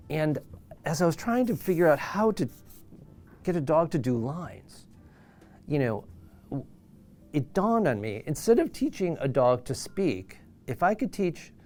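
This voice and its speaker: A man in his sixties, an animal trainer, telling an anecdote in an animated way and acting out the voices of the people in it. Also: medium pitch. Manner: animated, acts out quoted voices. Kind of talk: storytelling anecdote.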